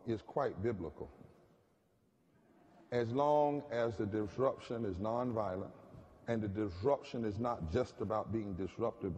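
A man's voice: on the low side, a little mellow, muffled recording. Preaching man in a reverberant hall. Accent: Southern US. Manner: rhythmic, rising to emphatic preaching peaks. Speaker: pastor and activist panelist. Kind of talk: preacherly storytelling. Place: large chapel hall.

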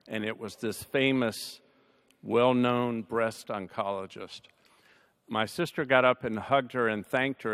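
A man speaking on a panel, telling a personal family story in a conversational way, with dry humor, his voice softening at the sad moments. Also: medium pitch, clean tone. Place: large chapel. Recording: long reverb of a large hall.

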